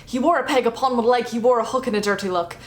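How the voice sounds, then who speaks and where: A woman's voice: a little high, quick pace, lightly acted. A young woman putting on a theatrical pirate accent to recite a rhyme as a swaggering male pirate storyteller. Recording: roomy echo.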